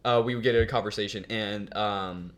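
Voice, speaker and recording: A man's voice: fairly low pitch, steady tone, a little fast, fairly bright tone. A teenage boy, a guest on a podcast, telling a story in a rambling, casual way. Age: teens. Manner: rambling, many fillers.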